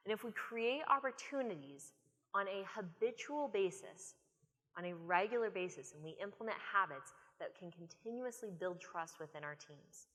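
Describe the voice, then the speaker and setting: An American woman speaker giving an animated, storytelling conference talk from a stage. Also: medium pitch. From United States. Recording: long reverb of a conference hall.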